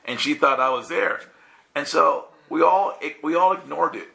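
A male preacher with a gravelly, bright voice delivers an animated sermon. He laughs often and slips into playful voices for the people in his stories. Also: a little high, moderate pace. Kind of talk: lively sermon with storytelling.

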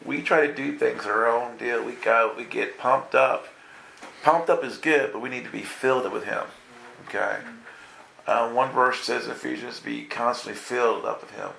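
Male New pastor, gravelly edge, playful and interactive preaching style. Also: mid-range voice, normal speed, bright, forceful tone, slight background noise. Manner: playful, acts out voices, quizzes the congregation. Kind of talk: lively live sermon.

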